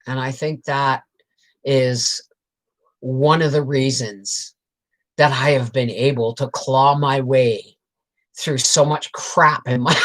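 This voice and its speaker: A woman telling rambling, frank family stories on a casual livestream, greeting viewers and reading their comments between tales. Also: rumbling low. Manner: rambling and frank, peppered with swears and laughter. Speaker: homestead channel host on a livestream.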